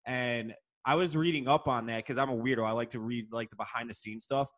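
A man's voice: mid-range voice, fairly even intonation, a little fast, a bit bright. A man co-hosting a podcast who rants with strong opinions and casual swearing. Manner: opinionated, ranting, profane. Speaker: podcast co-host.

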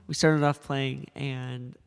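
A man's voice: medium pitch, little pitch movement, takes it slowly, creaky, clean tone, in a large hall. A man co-hosting a casual podcast, telling joking, rambling stories. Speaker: podcast co-host.

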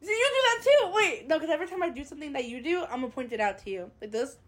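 A high-voiced woman chats on a podcast, her pitch leaping up and down. She laughs often and rambles, trailing off mid-thought. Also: animated, racing, fairly bright tone. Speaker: podcast co-host. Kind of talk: casual chat.

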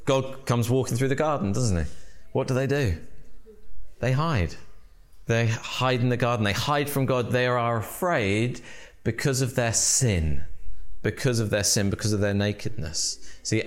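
A man preaching a sermon as pastor, emphatic, with rhetorical questions and dramatic pauses. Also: on the low side.

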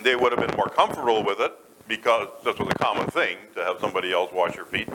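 A man's voice: fairly low pitch, fast, background noise. A man preaching a sermon to a church, talking conversationally and putting questions to the congregation. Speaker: pastor.

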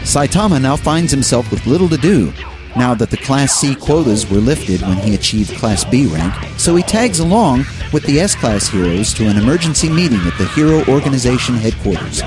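Lively man reading anime news. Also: mid-range voice, over music. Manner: animated, playful, quick to laugh. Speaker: podcast co-host. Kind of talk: anime news roundup and casual banter.

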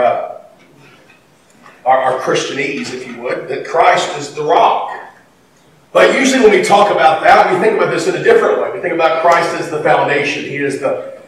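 A pastor preaching a sermon in a church, talking conversationally with emphatic bursts. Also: male voice, a little high. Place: church sanctuary. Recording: echoey hall from far off, faint ambience.

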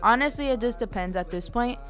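A woman's voice: fairly high pitch, expressive, brisk, a bit bright, soft background music. A young woman, a student co-hosting a podcast, talking in casual chat that is loose and rambling, full of fillers and casual swearing. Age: young adult.

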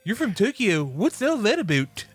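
A man's voice: high voice, sing-song, normal speed, slightly rough, no echo, faint music behind, voice pushed up, heavily acted. A man putting on a chirpy anime schoolgirl dubbed with a Canadian accent, parodying it.

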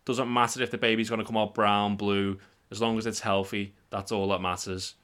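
A man's voice: fairly low pitch, little pitch movement, fairly quick, fairly bright tone, clear, resonant tone. A man hosting a podcast, teasing his friends and joking in casual chat. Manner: jokey, teasing. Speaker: podcast host.

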